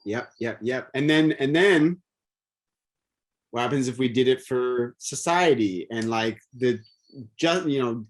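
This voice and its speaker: A man in casual conversation, rambling and animated, with many restarts and fillers. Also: medium pitch.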